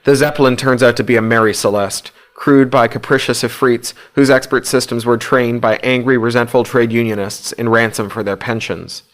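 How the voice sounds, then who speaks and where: A man narrating an audiobook in a steady, low-key storytelling voice. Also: normal speed, few pauses. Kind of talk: scripted narration.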